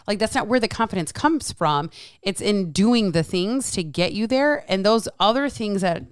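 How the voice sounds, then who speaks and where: A woman's voice: mid-range voice, expressive, normal speed, clear, resonant tone, dry recording, clean studio sound. Frank, chatty woman in her forties. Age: 40s. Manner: chatty, frank, swears freely, acts out quotes. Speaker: podcast guest. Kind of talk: casual podcast chat.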